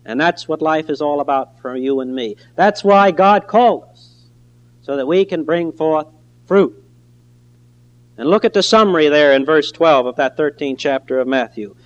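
A man preaching a sermon in an earnest, emphatic way, slowing down on key phrases. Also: fairly high pitch, lo-fi sound.

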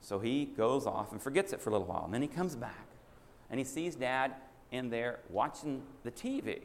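A man's voice: mid-range voice, animated, normal speed. A man preaching a sermon as a folksy story. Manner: folksy, acts out child and father voices in a story. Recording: echoey hall with faint hiss.

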